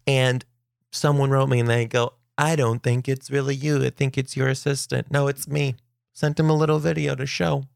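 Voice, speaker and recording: A young adult man hosting a podcast, telling comedic stories in an animated way and jumping into high voices when he quotes kids. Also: vocal fry, no room sound, studio quality. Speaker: podcast host. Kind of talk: comedic storytelling monologue.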